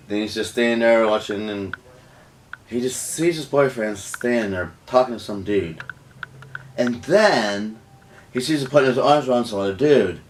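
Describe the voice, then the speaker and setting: A man's voice: fairly low pitch, recorded from a distance, slight background noise. A man casually telling a storytime tale, rambling with lots of restarts and "you know"s. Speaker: vlogger.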